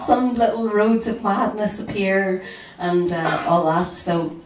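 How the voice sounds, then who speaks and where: A Northern Irish woman harpist chatting to an audience between songs, relaxed and rambling. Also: mid-range voice, a little hiss or hum. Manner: relaxed, rambling, self-deprecating. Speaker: harpist and singer. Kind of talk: stage chat between songs. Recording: roomy live hall, distant mic, harp.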